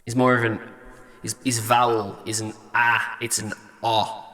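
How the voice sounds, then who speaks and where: A man's voice: on the low side, little pitch movement, a little slow, sharp tone, big-room sound. A male singer-songwriter chatting casually as he reacts to a song and tests vocal ideas at a studio mic. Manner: thinks aloud, trying out vocal ideas.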